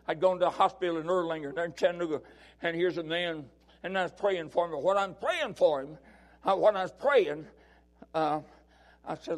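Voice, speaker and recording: An older man from the States, a pastor telling a personal story and then preaching a fervent sermon that rises to shouting. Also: fairly high pitch.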